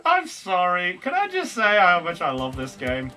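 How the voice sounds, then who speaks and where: A young man giving jokey, excitable let's play commentary, yelping and swearing as he plays. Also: sits high, moderate pace, recorded from a distance. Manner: excitable, jokey, swears, bursts into yelps and shouts. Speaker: gaming YouTuber. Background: game music.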